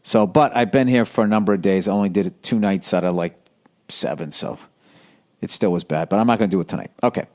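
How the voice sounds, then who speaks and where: A middle-aged man hosting a casual solo podcast, reading listener letters aloud in a rambling, profane way with sudden excited outbursts. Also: deep voice, quick pace. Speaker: podcast host.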